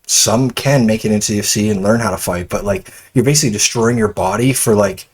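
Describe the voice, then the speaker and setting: American male reaction host, deep-ish voice, loose and rambling, opinionated delivery. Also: quick pace, breathy edge. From United States. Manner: rambling, many restarts and fillers, opinionated. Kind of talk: casual reaction commentary.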